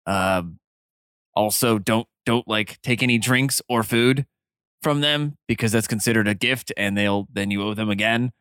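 Bright, clear-voiced male game master. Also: on the low side, unhurried, dry recording, studio quality. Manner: loose and hesitant, many fillers. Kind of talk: describing the game world to players.

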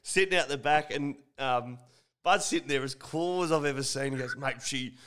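A man's voice: on the high side, normal speed, fairly bright tone, a little hiss or hum. An Australian man in his thirties hosting a casual interview, chatty and jokey with casual swearing. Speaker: podcast host, former footballer.

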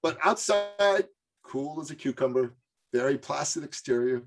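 A man, a coaching guest on a podcast, telling a story casually with animated delivery and frequent restarts. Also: on the high side, normal speed, faint music behind.

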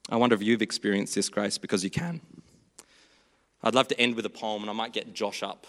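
A man preaching a sermon in a church, earnest and storytelling, moving between hushed and animated delivery. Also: lowish voice, quick pace, in a large hall.

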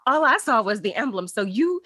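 A breathy woman with a fairly high voice hosts a relaxed interview, chatting and poking fun at herself as she tells a story. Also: fairly quick, no echo. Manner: chatty, self-mocking storyteller. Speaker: interview host. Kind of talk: casual interview chat.

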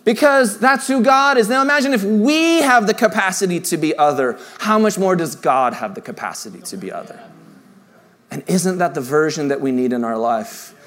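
A man preaching an Easter sermon in a church in a conversational style, dropping to soft, hushed tones for tender lines. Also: sits high, expressive, normal speed. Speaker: pastor.

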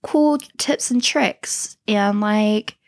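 A woman's voice: medium pitch, extremely slow. Giggly chatty woman co-host. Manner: giggly storyteller, many "like" fillers. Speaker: podcast co-host. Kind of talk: casual chat.

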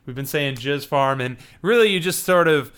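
A man's voice: fairly high pitch, lively intonation, normal speed, a bit bright, smooth. A man from Chicago telling a casual, amused story as an interview guest. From Chicago, USA.

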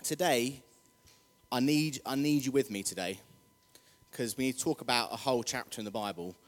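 A man's voice: mid-range voice, normal speed. A man preaching a casual, jokey sermon, chatty and rousing the congregation. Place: church hall. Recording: long hall reverb.

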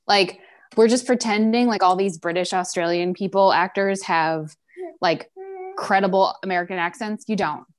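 A woman's voice: medium pitch, normal speed. A woman co-hosting a podcast in casual chat, opinionated and emphatic. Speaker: podcast co-host.

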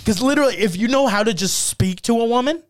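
A man's voice: extremely high pitch, animated, fast talker, no echo, studio quality, faint music behind. A young man co-hosting a podcast, telling stories in a casual chat and acting out the people he quotes. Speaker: podcast co-host.

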